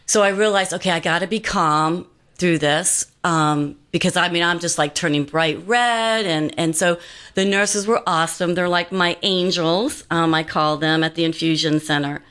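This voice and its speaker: A woman's voice: on the low side, steady tone, moderate pace, fairly bright tone, clear, resonant tone. A woman guest telling a personal story in an earnest, meandering way, full of fillers and restarts.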